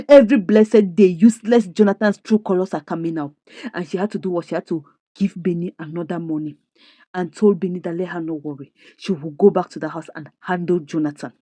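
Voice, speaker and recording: A woman who recaps a drama series in an expressive, indignant way, full of rhetorical questions. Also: lowish voice, brisk, no room sound. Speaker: series reviewer. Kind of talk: animated story recap.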